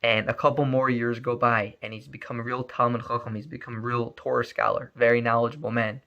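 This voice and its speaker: A man telling a story in an animated, emphatic way, often repeating words. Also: medium pitch, fairly quick, creaky, lo-fi sound. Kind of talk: spoken storytelling.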